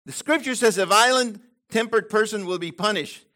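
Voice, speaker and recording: A man preaching a sermon to his congregation, swinging between loud, emphatic lines and quiet asides, with frequent digressions and restarts. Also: high voice, normal speed. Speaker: messianic congregation leader.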